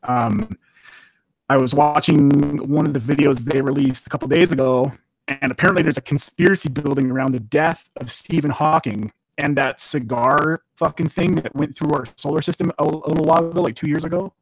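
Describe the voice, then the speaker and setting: A man from Canada talks as a podcast guest, rambling through crude, profane stories and laughing at his own jokes. His voice sits a bit high, recorded close and dry with no room sound. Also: fairly even intonation, a little fast, no echo, low-quality recording. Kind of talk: casual podcast chat.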